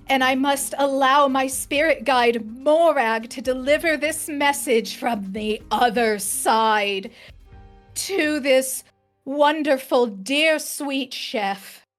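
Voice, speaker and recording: A woman's voice: high voice, slow, soft background music, pitched above the performer's own voice. A woman playing a flamboyant spirit medium who talks in a grand, over-the-top way. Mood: theatrical. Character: flamboyant middle-aged female spirit medium.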